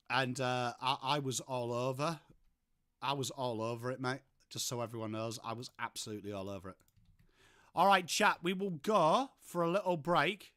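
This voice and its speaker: A man's voice: a little high, a bit bright, no room sound, studio quality. A man with an English accent hosting a casual football watchalong livestream, chatting and swearing while answering viewers in chat. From England. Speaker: livestream host. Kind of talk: casual live-stream chat.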